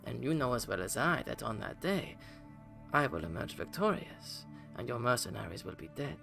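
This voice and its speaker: A man voicing a haughty woman fighter who speaks calmly and coldly threatens. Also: mid-range voice, gravelly, over music, lightly acted. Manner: calm, measured, coldly threatening.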